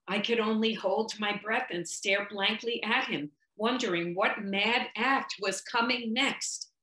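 A woman reading a nineteenth-century short story aloud, measured and expressive. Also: medium pitch, echoey room, rough recording. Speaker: reader.

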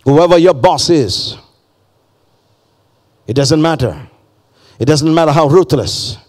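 Pastor guy preaching hard, higher voice, keeps repeating himself and getting folks to talk back. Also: animated, slow pace, darkish tone. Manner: fervent preaching, repeats phrases, calls for audience response. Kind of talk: sermon.

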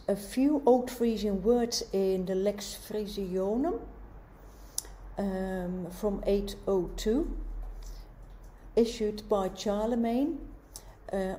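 A woman giving a university lecture, explaining in a measured way and asking rhetorical questions. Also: mid-range voice, mellow.

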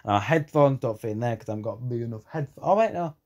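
A man's voice: medium pitch, lively intonation, fast, a little mellow. A man vlogging from home, rambling through a casual reaction and leaning heavily on "you know" and restarts. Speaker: reaction video creator. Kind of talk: casual rambling talk to camera. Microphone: camera set up at an odd angle.

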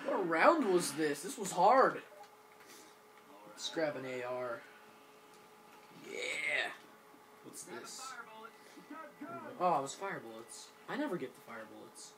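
Excitable guy yelling over co-op gameplay. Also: fairly high pitch, slow, long pauses, background noise. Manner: excitable, yells and laughs during fights. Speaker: gamer playing co-op with friends. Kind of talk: casual gameplay commentary.

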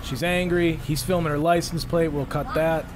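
A man's voice: on the high side, flat delivery, normal speed, background noise. A young man hosting a podcast, telling a comic story in a rambling, self-mocking way. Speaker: podcast host.

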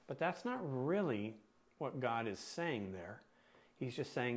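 Male pastor, unhurried sermon delivery, medium voice, rhetorical questions, weighted pauses. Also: mid-range voice, expressive. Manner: asks the congregation questions, deliberate emphatic pauses.

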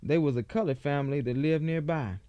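Male reader, slightly high voice, folksy dialect storytelling, very dry close sound. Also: brisk, warm tone, no room sound, muffled recording. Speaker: reader of a former slave's account. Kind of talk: dramatic first-person reading.

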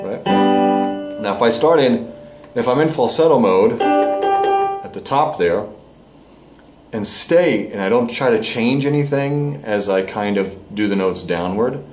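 A man's voice: medium pitch, lively intonation, unhurried, long pauses, roomy sound, over loud music. A male vocal coach explaining singing technique step by step, with short sung demonstrations.

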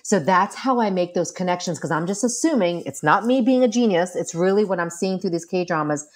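A woman's voice: fairly low pitch, fairly quick. A middle-aged woman, a family therapist, chatting casually as a guest and acting out quoted lines as she tells stories. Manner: animated storytelling, acts out quoted lines. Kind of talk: casual interview talk.

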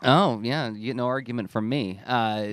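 A man hosting a comics podcast, chatting casually and reacting with quick laughs. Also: mid-range voice, dry recording. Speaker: podcast host. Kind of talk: casual chat.

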